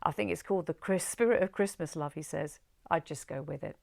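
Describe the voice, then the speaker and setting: A woman's voice: deep voice, fairly quick, creaky, darkish tone, no room sound, clean studio sound. A woman reading the lines of a teasing, easygoing male London cab driver in a story. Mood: friendly. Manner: easygoing, teasing, calls her love. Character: warm London cab driver, middle-aged man.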